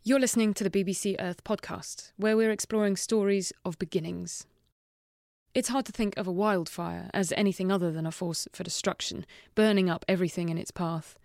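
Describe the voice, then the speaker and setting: A woman hosting a podcast, reading measured scripted narration. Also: medium pitch, steady tone, darkish tone, no echo, clean studio sound. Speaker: podcast host.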